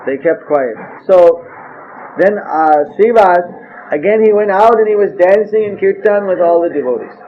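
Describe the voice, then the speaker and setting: A man with a high voice lectures on scripture in a storytelling way. He keeps saying "you see" to his listeners. The old recording sounds dull, with a faint hiss behind it. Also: lively intonation, moderate pace. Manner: storytelling with acted quotes, frequent "you see". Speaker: spiritual teacher.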